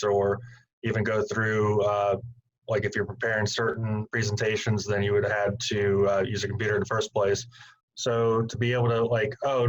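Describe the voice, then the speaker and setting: A man's voice: lowish voice, dull audio. A man, a guest student, explaining his view at length in a casual group chat. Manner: rambling, thoughtful explanation.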